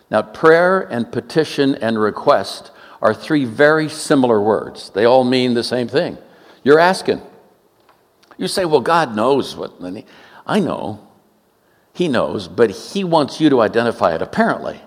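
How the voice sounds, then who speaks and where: An Oakland, California man in his seventies gives a sermon laced with humorous tales, quick asides, and animated joking. He speaks in a mid-range voice within a large hall.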